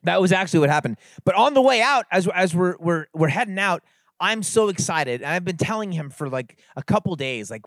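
A middle-aged man from the San Francisco Bay Area, telling a story and preaching at a youth conference in an animated, conversational way. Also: high-pitched, a little fast, no room sound, clean studio sound. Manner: animated, conversational, builds to emphatic exhortation. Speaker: conference speaker. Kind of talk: sermon-style storytelling talk.

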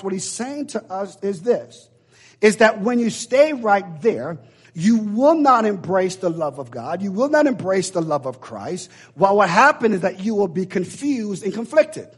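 A man's voice: sits high, husky. A man preaching a sermon in an emphatic, repetitive, preacherly way.

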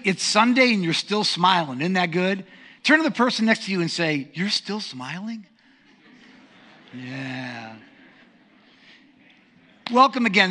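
A middle-aged man preaching a sermon as pastor, telling stories in an animated, self-deprecating way. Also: high voice. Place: church sanctuary.

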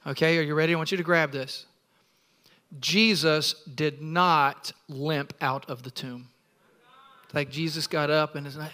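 A man's voice: fairly high pitch, steady tone, unhurried, pushed and bright. A middle-aged male pastor preaching a sermon in a church, exuberant and playful, calling on the congregation to respond.

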